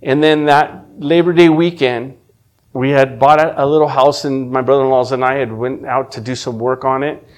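A middle-aged man telling his personal faith testimony, earnest and emotional, often restarting his sentences and dropping from loud to hushed. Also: mid-range voice, steady tone, moderate pace. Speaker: testimony speaker.

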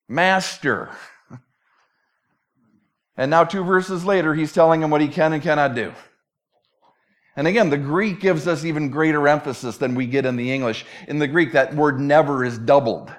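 A man preaching a sermon in a conversational, emphatic way, often repeating words as he restarts. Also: fairly high pitch. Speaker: pastor.

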